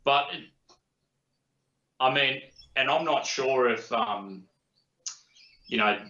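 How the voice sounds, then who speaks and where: A man's voice: mid-range voice, slow pace, bright, forceful tone. A young man from New Zealand with an Australian accent, chatting casually as an interview guest in a laid-back, rambling way with many fillers. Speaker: guest YouTuber. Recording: echoey, muffled remote call audio.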